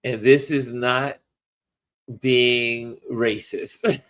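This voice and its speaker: Middle-aged male host, unhurried livestream chat, slow drawn-out delivery, musing asides to viewers. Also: medium pitch, fairly even intonation, fairly bright tone. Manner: slow, musing, talks to viewers while showing photos.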